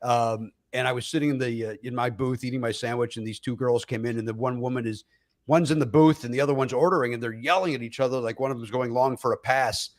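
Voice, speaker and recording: A man's voice: mid-range voice, quick pace. A middle-aged man, a comedian, telling stories in a casual podcast chat and acting out the voices of the people in them. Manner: animated storyteller who acts out quoted voices. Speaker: comedian guest.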